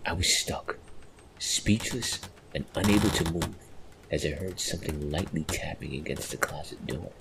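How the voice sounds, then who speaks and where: A man narrating a horror story in a slow, hushed, dramatic way. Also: extremely low pitch, vocal fry, background noise. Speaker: podcast narrator.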